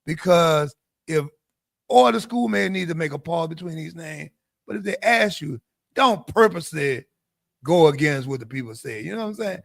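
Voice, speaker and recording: Male co-host, high gravelly voice, preachy list-giver. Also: normal speed, dry recording, clean studio sound. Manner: animated, preachy, gives advice in lists. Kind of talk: casual chat.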